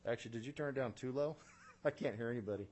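A fast-talking man with a medium-pitched, slightly mellow voice is heard over slight background noise. He chairs a formal state senate committee hearing in a committee room, procedural and businesslike, with many "uh" fillers and the odd dry aside.

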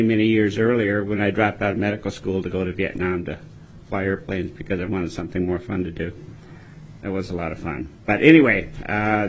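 A man in his sixties with a low voice gives formal testimony at a committee hearing. He is from Michigan and speaks in a measured, self-deprecating way, often pausing on fillers. A faint ambient hum sits behind him. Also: rough recording.

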